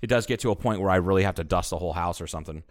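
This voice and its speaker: A young man co-hosting a podcast in casual chat, swearing freely and rambling in an animated way. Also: sits low, rapid-fire, dry recording, studio quality. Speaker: podcast co-host.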